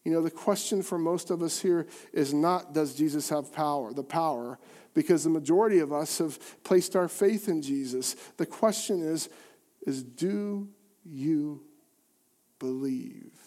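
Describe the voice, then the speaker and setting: Speaking at a moderate pace in a fairly high voice, a pastor delivers a sermon built around a dramatic story. He asks rhetorical questions and shifts between soft and loud passages.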